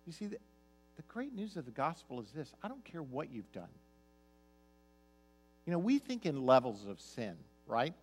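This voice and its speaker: A man preaching a sermon as pastor, telling stories, his voice swinging from loud emphasis to soft, quiet asides. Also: a little high, big pitch swings, normal speed, long pauses, faint music behind.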